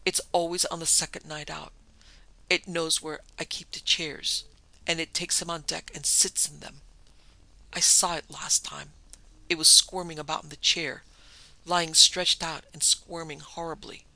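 A man's voice: fairly high pitch, creaky, sharp tone, no echo, full character voice, low-quality recording. A man voicing a terrified male ship steward who pleads frantically and breathlessly.

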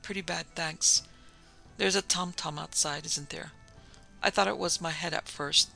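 A man's voice: a little high, fairly even intonation, unhurried, creaky, sharp tone, faint music behind, exaggerated voice, poor audio. A man reading the part of a sleepless man near breaking point, pleading desperately.

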